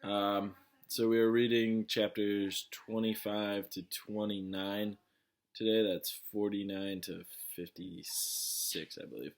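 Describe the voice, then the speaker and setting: A man with a low voice reads a novel aloud in a casual way. He stumbles now and then and goes back over his words. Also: flat delivery, takes it slowly. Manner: plain, with slips and restarts. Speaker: reader of a novel.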